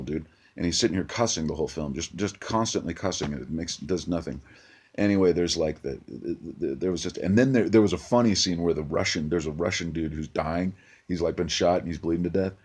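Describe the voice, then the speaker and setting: Low husky man ranting casually. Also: a little mellow. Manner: blunt and profane, many fillers and restarts. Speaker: movie reviewer. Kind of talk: casual rant.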